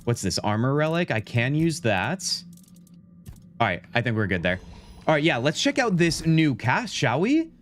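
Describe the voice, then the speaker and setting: A young man streaming a game live, talking to his chat in an excitable, chatty way and throwing in "dude" a lot. His voice sits at an ordinary middle pitch. He comments on everything as he plays. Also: normal speed, a little hiss or hum.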